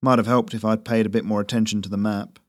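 A gravelly, burly enemy sergeant, as a male storyteller puts him on, blunt and flat as he speaks. The voice sits low, and the audiobook recording is dry and close. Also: quick pace, no echo, close to an everyday voice. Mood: resigned.

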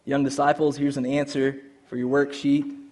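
A male pastor preaching a sermon in a conversational, animated way, with many casual fillers. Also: mid-range voice, normal speed.

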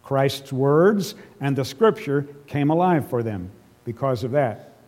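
A man's voice: mid-range voice, expressive, takes it slowly, darkish tone. A man preaching a sermon, explaining scripture earnestly and emotionally, with casual asides to his listeners. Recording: long reverb of a large hall.

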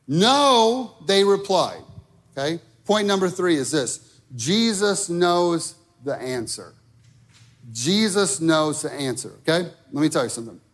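Man, pastor, sermon, high voice, conversational, direct. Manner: conversational preaching with frequent okay and right.

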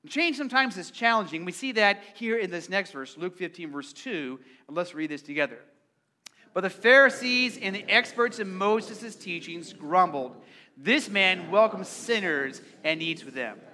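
A man's voice: high-pitched, animated, moderate pace, sharp tone. A man preaching a sermon in a conversational way, often repeating words and drawing the congregation in. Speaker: pastor.

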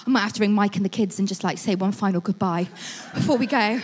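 A woman's voice: medium pitch, fast talker, long reverb tail, pitched below the performer's own voice, lightly acted. Anxious fretful friend, as a woman puts her on. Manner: hesitant, fretful.

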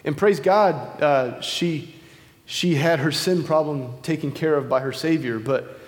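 A man's voice: fairly high pitch, measured pace. A man giving an informal sermon in a casual, conversational way with many fillers and restarts, speaking into a wireless microphone. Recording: long hall reverb.

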